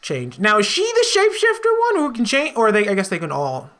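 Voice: medium pitch, huge pitch swings, a little fast, a bit bright. A tabletop game player talking casually and eagerly, thinking aloud about what to do next.

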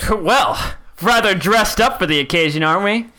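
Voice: medium pitch, lively intonation, normal speed, sharp tone. Someone doing a stammering prim mustachioed man. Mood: snooty. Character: fussy mustachioed man in sweater vests.

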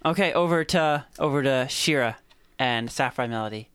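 A game master narrates a tabletop game with vivid, drawn-out description and calls on players for rolls. The voice sits at a middle pitch. It is recorded dry and close. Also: fairly bright tone, clean tone, no echo.

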